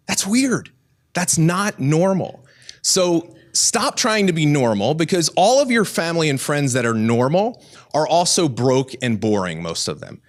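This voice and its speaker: A man's voice: a little high, big pitch swings, normal speed. A man speaking on a business panel, giving playful, teasing motivational advice and acting out bits of dialogue. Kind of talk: motivational speech.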